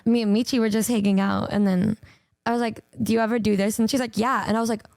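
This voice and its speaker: A woman's voice: a little high, level tone, fast, gravelly, darkish tone, no room sound, studio quality. A woman in casual stream chat, telling a story and acting out the quoted lines, giggly. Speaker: streamer guest.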